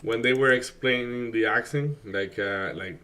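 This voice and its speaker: A man's voice: medium pitch, unhurried, bright, forceful tone. A man whose first language is Spanish, chatting casually on a live stream, rambling with many fillers and restarts. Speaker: day trading streamer.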